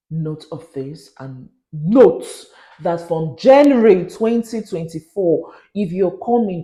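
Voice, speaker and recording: A woman's voice: on the low side, mellow, reverberant. A woman, talking earnestly to camera in a vlog and giving warnings, sometimes dropping into pidgin. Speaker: vlogger.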